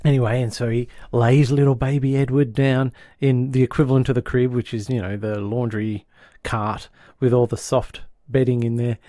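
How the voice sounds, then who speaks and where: Recapping a sitcom storyline, this podcast co-host keeps the chat casual and lively, popping into brief voices for each character. His voice sits in the mid-range, captured dry with studio quality.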